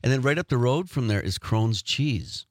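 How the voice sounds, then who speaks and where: A middle-aged man co-hosting a radio show, chatting casually and telling animated stories. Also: mid-range voice, moderate pace, dry recording, studio quality. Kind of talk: casual chat.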